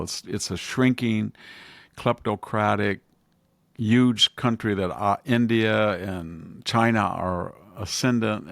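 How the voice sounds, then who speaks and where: Older male podcast host, gravelly and low, casual commentary that slips into mock quotes, dry sound. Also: dry recording. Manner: acts out quoted voices, chuckles, digressive.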